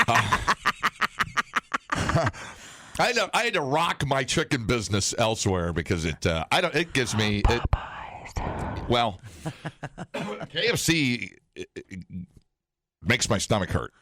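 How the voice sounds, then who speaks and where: A man's voice: mid-range voice, sing-song, takes it slowly, pauses often, sharp tone, a little hiss or hum. Jokey rambling radio co-host man. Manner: jokey, rambling, laughs often. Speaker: radio morning show co-host. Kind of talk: casual banter.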